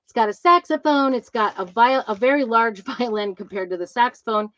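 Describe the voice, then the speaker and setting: A woman's voice: on the high side, a little fast, a bit bright, dry recording. A woman casually showing off new craft designs, chatty and rambling, with lots of ums and asides. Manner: self-described trumpet player, fussy about instrument details. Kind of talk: casual show-and-tell vlog. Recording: dull, slightly lo-fi dry recording.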